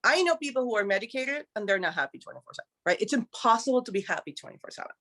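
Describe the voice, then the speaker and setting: A woman's voice: a little high, sing-song, racing, a bit bright. A woman talking as a guest coach on a live stream, direct and emphatic, swearing freely. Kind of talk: motivational live-stream talk.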